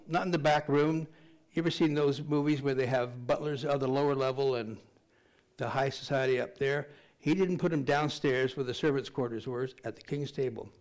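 An older man preaching a sermon to his congregation in a conversational, joking way. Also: mid-range voice. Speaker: pastor.

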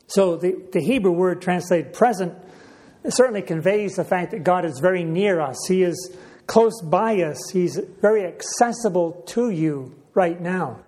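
A preacher delivers a sermon in a somewhat high, darkish-toned voice. His pace is measured, and he leans on repeated phrases for emphasis while often stopping to clear his throat.

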